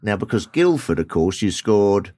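A man's voice: on the low side, sing-song, normal speed, dark tone. A man co-hosting a studio podcast, putting playful either-or questions to a guest. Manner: playful, teasing. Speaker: podcast co-host. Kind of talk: quick-fire question game.

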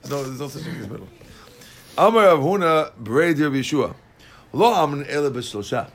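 Man teaching a lively Talmud class. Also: a little high, moderate pace, vocal fry. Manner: lively, mixes Aramaic and Hebrew terms with plain explanation.

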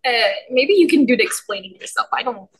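A woman co-hosting a podcast, telling a story in a casual, excitable way with lots of giggles. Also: high voice, fast, breathy edge, poor audio. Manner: giggly and excitable, many fillers. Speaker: podcast co-host.

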